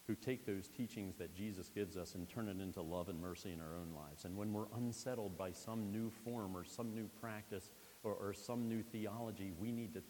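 A man's voice: deep voice, mellow. A male pastor giving a conversational sermon and checking in with the congregation. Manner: conversational preaching, frequent "all right?" check-ins. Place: church sanctuary. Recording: long hall reverb, faint hiss.

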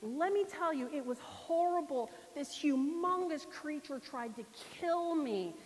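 A woman's voice: sits high, lively intonation, measured pace, pitched above the performer's own voice. A woman voicing a frantic little male bird, a husband and father, in a breathless, panicked voice. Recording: long reverb, faint hiss.

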